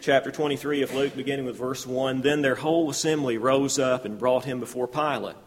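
Preacher with a ringing hall echo. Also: male voice, medium pitch, fairly even intonation, a little fast. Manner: expository, reads scripture aloud and acts out the speakers' lines. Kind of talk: sermon.

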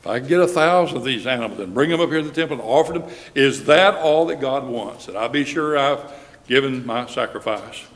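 Man, preacher, sermon, measured delivery, slows for scripture, reverberant church hall. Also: medium pitch, lively intonation. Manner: measured, slows down when reading scripture aloud.

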